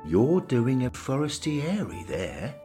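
A man's voice: medium pitch, huge pitch swings, takes it slowly, dark tone, faint music behind, pitched above the performer's own voice. Man as a patient know-all old ghost. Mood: explaining. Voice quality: patient, matter-of-fact. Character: calm knowing older male ghost fan.

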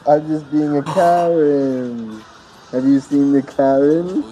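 A man's voice: fairly high pitch, takes it slowly, mellow, rough recording. A man doing a pushy woman with a fake French accent in man-on-the-street pranks, repeating "yes, yes" and threatening to call police.

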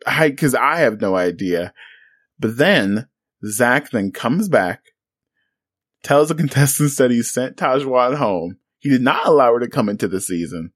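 A man co-hosting a podcast, casually recapping a reality show with animated storytelling. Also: mid-range voice, measured pace, no room sound, clean studio sound. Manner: animated storytelling, acts out quotes. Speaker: podcast co-host.

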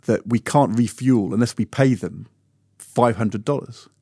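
A middle-aged man co-hosting a podcast, telling a lively anecdote in casual chat. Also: mid-range voice, a little slow, husky, no room sound, clean studio sound. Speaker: podcast co-host.

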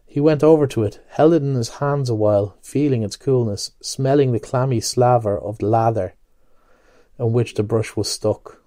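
A man reads a novel aloud in a mellow, dark voice, measured and unhurried. Now and then he stumbles over a word and corrects himself. The sound is close and dry. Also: medium pitch, no room sound. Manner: measured, with occasional slips and self-corrections. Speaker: podcast reader. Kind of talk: literary reading aloud.

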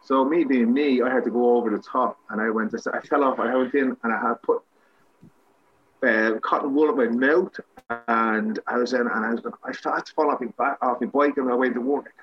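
A man's voice: medium pitch, steady tone, normal speed, breathy edge, muffled recording. An Irish man, a guest actor, telling rambling, self-mocking anecdotes with many restarts in a casual interview.

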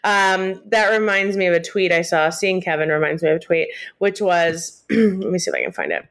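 A woman's voice: lowish voice, lively intonation, fairly quick, a bit bright. A woman hosting a casual podcast from home, chatting loosely with lots of fillers and jokes. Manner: rambling, filler-heavy, jokey. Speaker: podcast host. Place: at home with cats.

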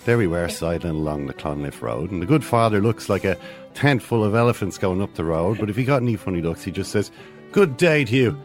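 A man's voice: low voice, expressive, fast talker, soft background music. A man telling a comic story as a regular show segment, wry and yarn-spinning. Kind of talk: comic monologue.

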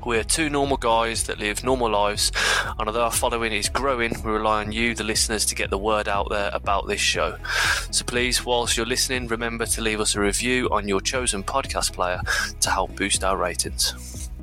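A running coach with a Birmingham accent, co-hosting a casual podcast with dry, laid-back banter. His fairly low voice has a bright, forceful edge. Faint music plays behind him. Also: steady tone, normal speed. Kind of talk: casual chat.

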